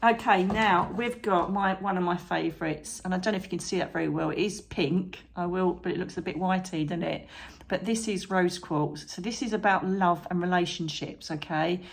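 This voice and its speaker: A woman's voice: lowish voice, moderate pace, creaky. A woman doing a chatty tarot reading to camera, encouraging and fond of tag questions like "okay?". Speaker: psychic tarot reader.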